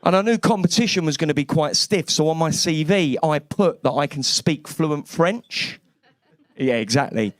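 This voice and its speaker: Brash high-voiced London comedian. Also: male voice, normal speed, no echo. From East London. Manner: brash, swearing, cheeky. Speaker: stand-up comedian. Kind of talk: stand-up comedy set. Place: comedy club stage.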